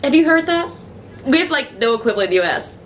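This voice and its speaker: A woman's voice: sits high, sing-song, fast, slight background noise. An actress playing a chatty young American woman from New Mexico, full of fillers and laughing asides, on a small live stage. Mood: amused. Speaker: stage actor in verbatim theatre.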